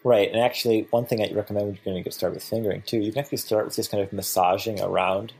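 A man's voice: on the low side, steady tone, rapid-fire, gravelly, a little mellow, husky. A man co-hosting a podcast, talking about sex in a frank, laid-back way with a lot of fillers. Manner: laid-back, self-deprecating, with frequent fillers. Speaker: podcast co-host. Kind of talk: casual frank sex-education chat.

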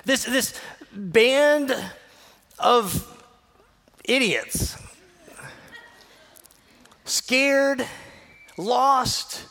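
Gravelly-voiced male pastor preaching. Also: very high-pitched, drawn-out words, long pauses. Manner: conversational, earnest storytelling, drops to a soft hush at key moments. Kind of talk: sermon.

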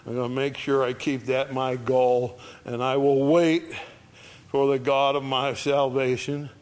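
Slow, conversational male preacher. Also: medium pitch, flat delivery, darkish tone. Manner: conversational preaching, voices scripture with rising emphasis. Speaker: pastor. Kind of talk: sermon.

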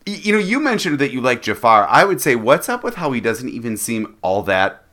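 Male co-host, casual movie chat, opinionated, bright tone. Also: medium pitch, big pitch swings, a little fast. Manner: laughing, opinionated, stammers on restarts. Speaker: podcast co-host.

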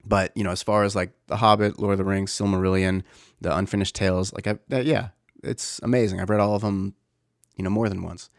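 Man, thirties, low voice, dry close sound, rambling, reflective, casual talk. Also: steady tone, fairly quick, dry recording. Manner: rambling, reflective, many fillers and restarts. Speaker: father.

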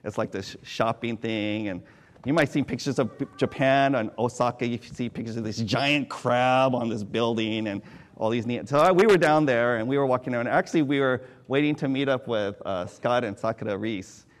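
A man from California preaching, telling a story in an animated way, swinging from loud excited bursts to quiet hushed tones. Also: mid-range voice, moderate pace. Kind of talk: sermon storytelling.

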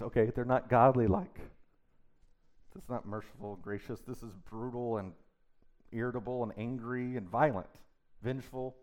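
A man's voice: mid-range voice, fairly even intonation, moderate pace, darkish tone. Emphatic conversational man preaching. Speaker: pastor. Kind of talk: sermon.

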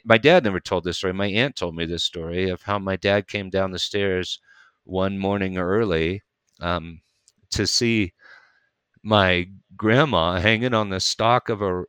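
A man and preacher telling a story in casual conversation, animated and quick in bursts. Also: low-pitched, clean tone, no echo.

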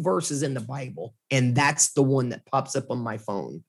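A man with a husky, slightly breathy voice recounts a personal story to a host. His telling is animated and earnest, and his pitch sits in an ordinary middle range. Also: normal speed, hardly any pauses. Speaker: guest. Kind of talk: casual storytelling in conversation.

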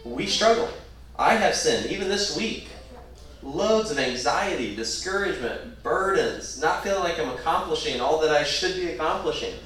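A male pastor delivers a sermon in an earnest, conversational tone and leans into key lines with rising emphasis. His voice sits a touch high for a man. It is picked up from some distance in a very echoey room. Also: animated, moderate pace, fairly bright tone, slight background noise.

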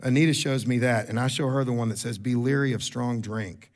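A middle-aged man, preaching a sermon in a conversational style. He repeats words, makes quick asides to the congregation, and gets louder and higher to stress a point. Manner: rises in pitch and volume for emphasis. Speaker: pastor.

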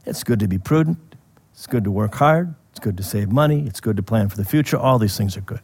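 A man preaching a sermon in a conversational way, asking the listeners questions and laughing softly now and then. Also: fairly low pitch, animated, a little fast, slightly rough. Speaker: pastor.

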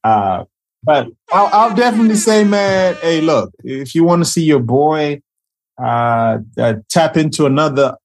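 A man's voice: a little high, expressive, a little slow, slight background noise. A man from Zimbabwe, a guest actor on a podcast, talking loosely and casually with lots of fillers. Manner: laid-back, filler-heavy, loose phrasing.

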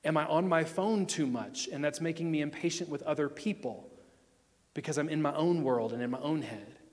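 A man preaching an emphatic sermon, his voice a bit higher than most men's. He moves between loud declarations and hushed stretches, and a long reverb trails each phrase as if in a big hall. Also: normal speed. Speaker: pastor.

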